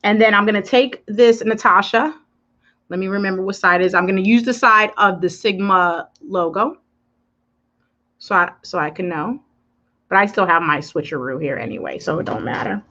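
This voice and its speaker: A chatty woman hosts a live makeup tutorial, talking straight to her viewers with an animated, emphatic manner. Her voice is bright and forceful. The livestream audio is dull and lo-fi. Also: mid-range voice, moderate pace. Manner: chatty, addresses viewers directly, answers comments. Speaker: beauty influencer.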